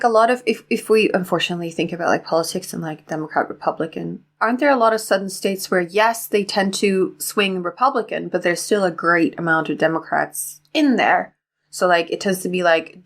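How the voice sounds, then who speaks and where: A woman co-hosting a podcast, talking in a chatty, animated way with many fillers. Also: lowish voice, a little fast. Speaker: podcast co-host. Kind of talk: casual chat.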